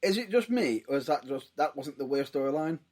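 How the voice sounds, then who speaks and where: A man co-hosting a podcast, chatting casually and quick to laugh. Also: a little high, expressive, crowd noise. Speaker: podcast co-host. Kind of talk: casual wrestling chat.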